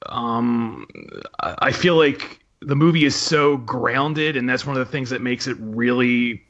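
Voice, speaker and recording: A man's voice: medium pitch, a little slow, a bit bright, lo-fi sound. A man on a podcast panel talking about films in casual chat, hesitant with many fillers and restarts. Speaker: podcast panelist, film writer.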